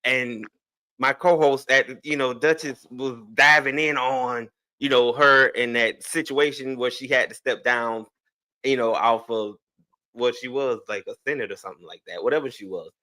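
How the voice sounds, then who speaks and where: A man's voice: medium pitch, steady tone, moderate pace, sharp tone. A man telling stories as a guest on a casual podcast over a remote call, easygoing and full of slang. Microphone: remote streaming call.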